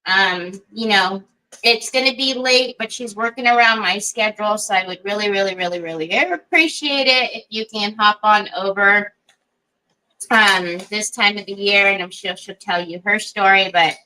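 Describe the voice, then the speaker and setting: A woman's voice: medium pitch, moderate pace, pushed and bright, slight background noise, poor audio. A woman hosting a casual craft livestream, chatting to viewers by name, laughing often and teasing herself. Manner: self-deprecating and giggly.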